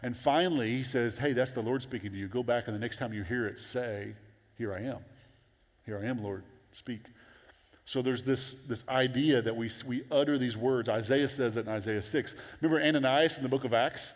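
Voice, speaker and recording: A man preaching a sermon as pastor, animated and conversational, jumping into high excited voices when quoting. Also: moderate pace. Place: large church auditorium. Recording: long hall reverb.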